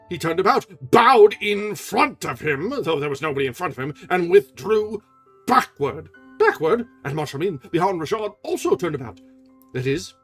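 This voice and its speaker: A man's voice: sits high, a bit bright, breathy edge, pitched above the performer's own voice, heavily acted. Man reading as a frantic theatre secretary. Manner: exclamatory, indignant.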